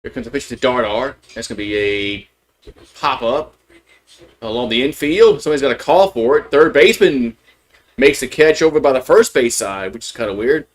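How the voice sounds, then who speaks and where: A man calling a live baseball game as a fan streamer, openly rooting for his team, chatty and loose, with rambling asides between pitches. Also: moderate pace. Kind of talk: live baseball play-by-play commentary.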